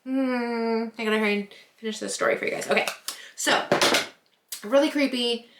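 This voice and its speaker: A woman's voice: a little high, fast, very noisy. A young woman telling a spooky personal story in a chatty vlog, with lots of "like" and laughing at herself. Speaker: vlogger. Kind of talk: casual storytime. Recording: roomy echo.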